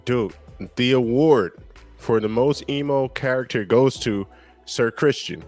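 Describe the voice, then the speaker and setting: A man with a mid-range voice co-hosts a relaxed reaction chat. He talks in slang and laughs often. Faint music runs in the background. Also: medium pitch, a little slow. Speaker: podcast co-host.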